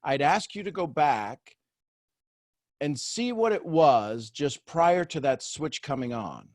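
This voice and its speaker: A man's voice: a little high, lively intonation, slow pace, no echo, studio quality. A man hosting a coaching call, talking animatedly and acting out inner voices as he guides participants. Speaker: host and coach.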